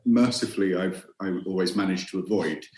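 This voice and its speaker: A man's voice: deep voice, fairly quick, a little mellow. A middle-aged British man, a guest actor, chatting casually in a wry, self-deprecating way. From Britain. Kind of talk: casual podcast chat. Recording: roomy echo.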